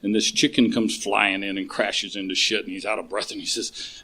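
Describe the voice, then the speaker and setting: A man's voice: fairly low pitch, steady tone, moderate pace, few pauses, pushed and bright, husky. An older man with eight grandchildren, sharing his story at a recovery meeting in a blunt, storytelling way with casual swearing.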